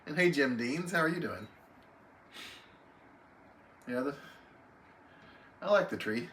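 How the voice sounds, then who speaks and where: A man hosts a relaxed livestream from home, greeting viewers by name as he reads the chat. His voice is bright and forceful and sits a little high. Faint room noise hangs behind him. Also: takes it slowly. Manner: friendly, reads chat names aloud, chatty. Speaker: livestream host. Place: home, alone on a live stream.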